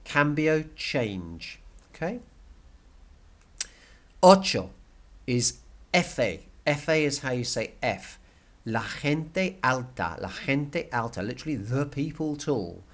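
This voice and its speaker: A man's voice: mid-range voice, sing-song, takes it slowly, long pauses, fairly bright tone. A man teaching a recorded language lesson, explaining step by step, repeating key words and checking with "okay?".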